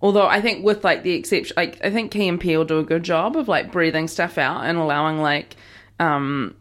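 A woman's voice: fairly low pitch, brisk. A woman co-hosting a podcast in casual chat, rambling with lots of fillers.

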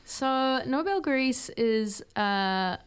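A woman with a smooth, clear voice talking casually about her band's song. She chats quickly and breaks into giggles and little asides. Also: sits high, expressive. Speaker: musician guest. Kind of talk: casual interview chat.

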